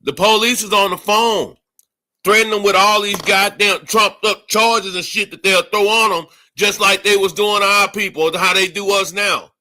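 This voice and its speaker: A man's voice: high-pitched, fairly even intonation, moderate pace, pushed and bright. Angry profane man ranting on a stream. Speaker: livestream host. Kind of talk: ranting livestream commentary.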